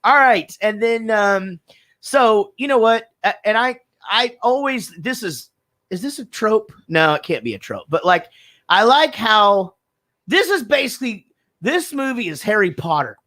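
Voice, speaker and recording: Guy cohosting a movie podcast, jokey and animated, voice bouncing all over, laughs a ton. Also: high-pitched, measured pace. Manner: animated, laughs a lot, breaks into quoted voices. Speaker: podcast co-host. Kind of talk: casual movie-recap banter.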